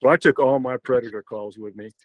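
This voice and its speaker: A man's voice: medium pitch, fast, no room sound, phone-quality sound. Rambling older man telling a story. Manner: rambling, many fillers and restarts. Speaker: podcast guest. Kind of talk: casual storytelling.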